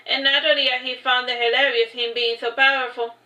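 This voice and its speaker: A woman's voice: high-pitched, little pitch movement, quick pace, pushed and bright. A woman reading her own story aloud, stumbling and restarting lines as she goes. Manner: unpolished reading with frequent restarts and fillers. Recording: echoey, dull lo-fi livestream audio.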